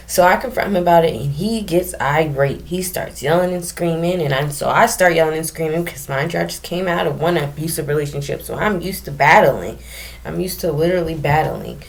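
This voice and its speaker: A young woman telling a personal story to camera in a candid, emotional way, with frequent pauses and restarts. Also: deep voice, vocal fry. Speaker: vlogger telling her own story.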